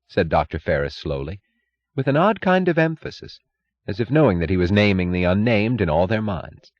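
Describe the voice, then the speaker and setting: A man narrating a novel in a measured, expressive reading. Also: sits low, dull audio. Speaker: audiobook narrator.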